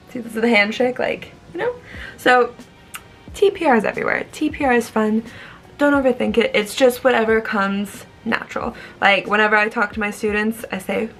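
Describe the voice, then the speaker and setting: A young woman, an online English teacher, explaining in a casual, bubbly, animated way and acting out words. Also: on the high side, fairly quick, vocal fry, faint music behind.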